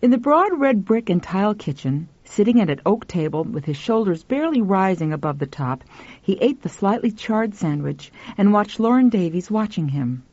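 A woman narrating a story in an expressive, scripted reading. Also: mid-range voice, moderate pace, no echo. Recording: dull lo-fi, dry.

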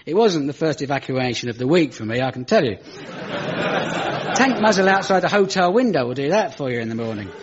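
A man's voice: sing-song, normal speed, highs cut off, a loud crowd. A British man doing stand-up comedy on a radio show, dry and self-mocking, taking questions from a studio audience. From Britain. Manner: dry, self-mocking, rises to exasperated high pitch.

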